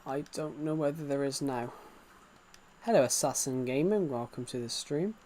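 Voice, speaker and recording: A man's voice: medium pitch, animated, normal speed, dark tone, slight background noise. A man live-streaming a game, chatting casually and reassuring viewers, often repeating himself. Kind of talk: casual live-stream chat while gaming.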